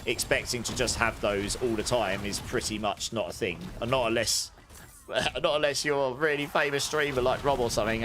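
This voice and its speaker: Guy streaming a game, talks loud, breathes in loud between sentences, rambly, some steady noise behind him. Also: medium pitch. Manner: speaks loudly, audible breaths between sentences; rambling, self-correcting chatter. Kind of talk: casual chat with live viewers. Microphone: desk studio mic with high gain. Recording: clear background noise.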